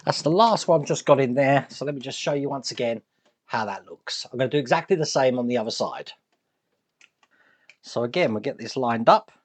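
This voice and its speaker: A man's voice: medium pitch, brisk. A man giving chatty, upbeat step-by-step commentary while building a large scale model at his workbench.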